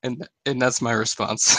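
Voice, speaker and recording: A man in casual sports chat on a podcast, with a bright, forceful voice recorded close and dry. He jokes around and chuckles often as he talks. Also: medium pitch, dry recording. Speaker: podcast co-host.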